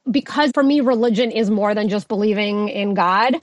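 A woman guest on a podcast explains her research in a measured, lecture-like way. Her voice sits in a middle register. The sound is dry and close. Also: medium pitch, no echo. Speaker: sociologist guest author. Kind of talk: podcast interview answers.

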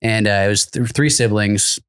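A comedian guest from Los Angeles tells a childhood story on a comedy podcast in a voice on the low side, at a moderate pace. In casual chat he laughs often, even mid-sentence, and acts out the voices of the people in the story.

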